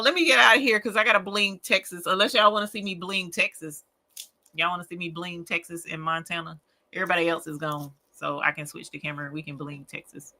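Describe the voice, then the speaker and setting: Woman, crafting livestream host; very bright, sharp tone; casual, rambling, folksy banter. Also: fairly low pitch, fairly quick. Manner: chatty and rambling, laughs often, folksy slang. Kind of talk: casual late-night livestream chat.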